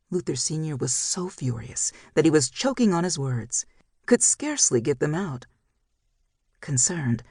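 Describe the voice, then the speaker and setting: Gravelly, husky audiobook narrator. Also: medium pitch, darkish tone, dry recording, studio quality. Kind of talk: scripted narration.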